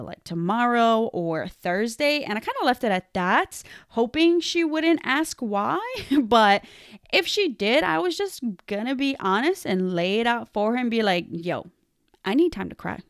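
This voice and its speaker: A woman's voice: a little high, clean tone, dry recording, studio quality. A young adult woman telling a candid personal story, laughing often and quoting herself.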